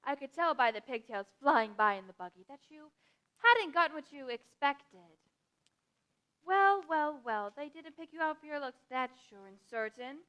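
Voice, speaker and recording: A woman's voice: high-pitched, animated, normal speed, bright, forceful tone. A woman playing a nosy village busybody. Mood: blunt. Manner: tactless, gossipy. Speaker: stage actor in a youth musical. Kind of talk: live stage musical acting.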